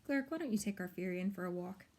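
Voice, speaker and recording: A woman voicing a kindly, doting old witch who talks soothingly and teases gently. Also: medium pitch, lively intonation, fast talker, natural voice.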